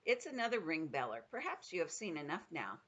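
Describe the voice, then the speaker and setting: A grandmother voicing a big, friendly old male giant who talks gently with jumbled grammar, as she reads a storybook aloud. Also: sits low, big pitch swings, brisk, exaggerated voice. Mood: earnest.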